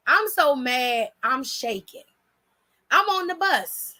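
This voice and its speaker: High, bright-voiced woman telling a story. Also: takes it slowly. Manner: blunt, profane and animated. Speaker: host. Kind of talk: casual storytelling.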